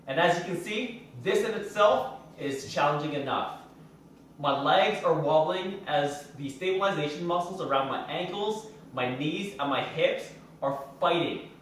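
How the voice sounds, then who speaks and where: Trainer, male, a bit higher-pitched, instructive, recorded distant in a booming gym with faint noise. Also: a bit bright. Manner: instructive, explains while doing the moves. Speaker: fitness trainer. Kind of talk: exercise demonstration. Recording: very echoey room heard from a distance.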